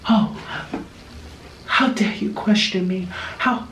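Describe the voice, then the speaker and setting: A man voicing an eccentric middle-aged German woman healer who pleads in a fluttering, high voice. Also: takes it slowly, fairly bright tone, echoey room, slight background noise. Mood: indignant.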